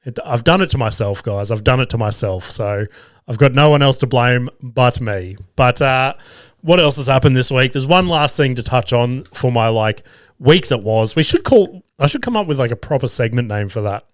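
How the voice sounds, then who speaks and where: A man's voice: medium pitch, expressive, normal speed, no room sound, clean studio sound. An Australian man hosting a podcast, telling a family story in a casual, profane, laughing way. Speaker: podcast host; father of two young boys.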